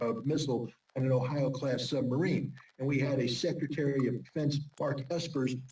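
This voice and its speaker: A man's voice: medium pitch, darkish tone. A man as an interview guest, giving urgent, emphatic warnings in a commentary style. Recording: distant mic with faint noise.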